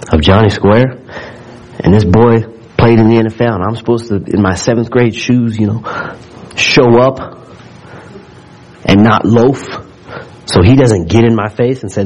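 Husky-voiced man preaching a sermon. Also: on the low side, darkish tone, rough recording. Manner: preaching with rising fervor, reading scripture aloud. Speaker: pastor. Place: church.

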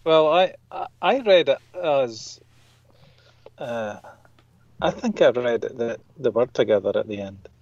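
A man's voice: medium pitch, expressive, measured pace, pauses often, darkish tone, dry recording, highs cut off. A man chatting casually about a comic he loves, enthusiastic and a bit sweary, acting out the lines he quotes. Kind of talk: casual podcast chat.

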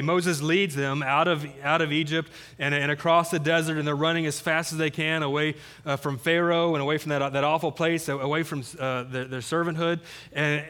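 A man's voice: a little high, bright, forceful tone, smooth. A man preaching a sermon as pastor, earnest, often repeating words as he builds his point.

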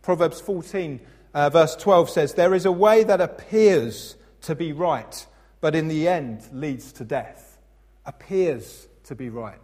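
Pastor guy, kinda high voice, expressive sermon, big echoey church hall. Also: a little slow. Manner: expressive, acts out funny voices in anecdotes. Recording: long hall reverb.

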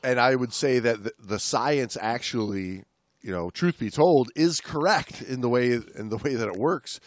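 A man co-hosting a podcast, switching between easygoing chat and lively read-aloud storytelling. His voice sits at a middle pitch and is captured close and dry, with no room sound. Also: moderate pace, no echo. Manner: animated storyteller, dramatic emphasis. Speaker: podcast co-host.

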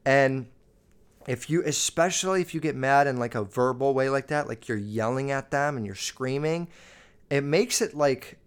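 A man's voice: medium pitch, normal speed, smooth. A young man hosting a solo podcast, ranting casually and emphatically with lots of swearing. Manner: casual, profane and emphatic rant. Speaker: podcast host.

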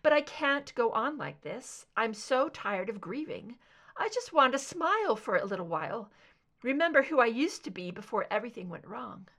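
A woman doing a soft, wistful older mother. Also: on the high side, very animated, normal speed, exaggerated voice. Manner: soft, wistful, tired yet warm.

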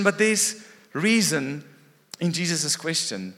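A man preaching a sermon, moving between raised, animated lines and hushed, quiet ones. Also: high voice, a little slow. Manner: animated, dramatic shifts between loud and hushed. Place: church hall. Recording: long echo of a large hall.

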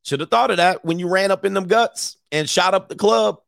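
A man hosting a live stream as a dating coach, ranting comically and acting out both sides of a story in quick voices, laughing often. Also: high voice, vocal fry, fairly bright tone, no echo, studio quality. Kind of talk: casual comedic rant.

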